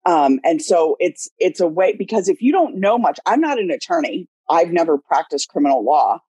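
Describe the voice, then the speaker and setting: A woman with a slightly husky voice speaks candidly in long, winding sentences. She is a legislative director in a webinar discussion on a video call. Her sound is dry and close, with no room around it. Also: lowish voice, very animated, moderate pace, warm tone, dry recording.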